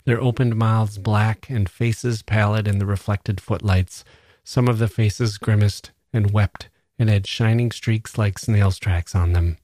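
A man giving measured, even narration of a literary novella, recorded close on a studio mic. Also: on the low side, dry recording. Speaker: reader.

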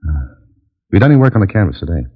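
An actor playing a dry, wisecracking adventurer who also narrates, in 1940s radio acting. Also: male voice, low-pitched, very animated, quick pace, husky, full character voice. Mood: confident. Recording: dull old radio recording.

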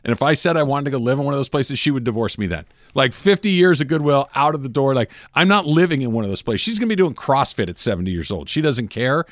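A man in his forties co-hosts a sports talk show with quick, joking banter and frequent laughs. His voice sits at an ordinary pitch and is recorded close and dry, with no room sound. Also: animated, dry recording. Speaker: sports radio co-host. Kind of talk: casual sports talk chat.

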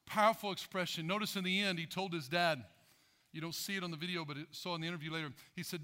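A man's voice: high voice, steady tone, fast talker, pushed and bright. A man preaching a sermon as pastor, with an emphatic, repetitive cadence.

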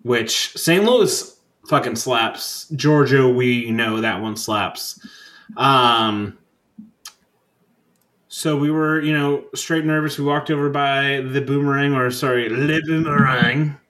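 Casting note: young male podcast host, mid-pitched, loose and rambling, swears casually. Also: slow pace, fairly bright tone, low-quality recording. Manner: rambling, profane, laid-back storytelling with frequent fillers. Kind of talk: casual chat.

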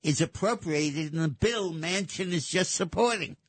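A man's voice: a little high, normal speed. A man hosting political talk radio, speaking in an emphatic, sardonic way. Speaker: radio talk show host.

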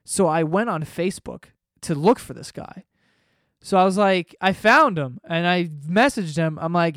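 A man's voice: high voice, lively intonation, measured pace, fairly bright tone, no room sound, clean studio sound. A man hosting a podcast, telling a story in a casual, rambling, profane way. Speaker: podcast host.

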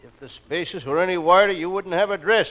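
A man in a comedy sketch, talking in an excitable, boyish way with frequent giggles. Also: sits high, a little fast. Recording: muffled old recording with loud hiss.

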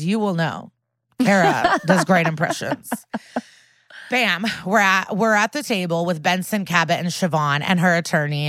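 A woman's voice: on the low side, dry recording. A woman co-hosting a podcast, animatedly recapping a TV episode in casual chat. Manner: animated storyteller, quick recap. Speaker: podcast co-host.

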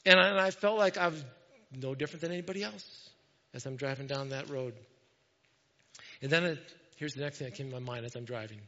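A pastor telling a story in a sermon, animated and self-mocking, acting out what people said. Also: male voice, mid-range voice, fairly quick, pauses often, in a large hall, lo-fi sound.

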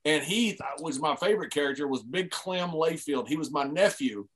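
A man's voice: on the high side, lively intonation, a little fast, fairly bright tone. A middle-aged man hosting a casual chat, joking and teasing his guests. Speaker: podcast host, former wrestler.

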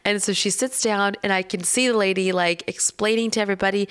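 A woman telling a story in casual podcast chat. She is animated, laughs often and acts out the voices of people she quotes. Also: mid-range voice, fairly quick, hardly any pauses, clear, resonant tone.

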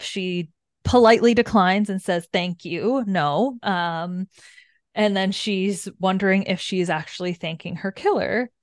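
A young woman co-hosting a book podcast, calmly recapping the plot in casual chat. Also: on the low side, no room sound, studio quality. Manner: calm recapping, agreeable murmurs.

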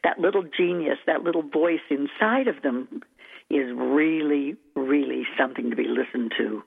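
A woman from Texas, a speech coach guest on a radio talk show, speaking in an emphatic, animated way. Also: low-pitched, normal speed, gravelly, slightly rough, narrow, tinny audio. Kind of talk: radio interview.

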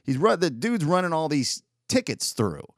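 A man's voice: fairly high pitch, very animated, moderate pace, no room sound, studio quality. A man telling a long personal story as a podcast host, rambling and correcting himself as he goes. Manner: rambling, self-correcting, profane when retelling. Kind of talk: casual storytelling monologue.

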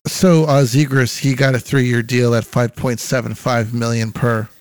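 A man's voice: mid-range voice, level tone, unhurried. A man co-hosting a casual sports podcast, mostly chiming in with short replies. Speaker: podcast co-host.

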